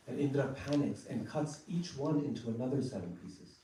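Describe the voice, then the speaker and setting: A man telling a scripture story in a sermon in a temple hall, speaking in a measured, deliberate way. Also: mid-range voice, dark tone, distant mic. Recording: echoey temple hall from afar.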